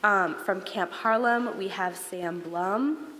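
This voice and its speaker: A woman's voice: mid-range voice, slow, fairly bright tone, a little hiss or hum. A woman leading a camp service who thanks the congregation and introduces camp guests, with a friendly, filler-heavy way of talking. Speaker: camp program leader. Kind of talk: congregation announcements. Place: synagogue sanctuary. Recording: long reverb of a large hall.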